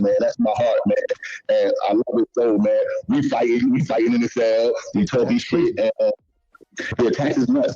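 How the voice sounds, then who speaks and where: A man tells casual stories in a street-talk style, swearing and repeating himself. His voice is husky and dark-toned at medium pitch, and the clip has dull lo-fi audio.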